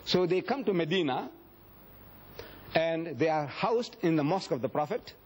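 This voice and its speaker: A South African Islamic lecturer gives a public religious talk, dramatically acting out quoted speech as he tells stories. His voice is on the high side and husky, animated, at normal speed.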